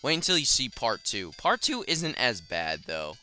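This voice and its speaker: A young man talks through a hard game with a lively, swinging pitch and a bright, sharp edge to his voice. He curses freely and bursts into frustrated shouts. Faint game music runs underneath. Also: moderate pace. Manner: profane, excitable, shouts in frustration. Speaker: gaming commentator. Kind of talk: casual let's play commentary.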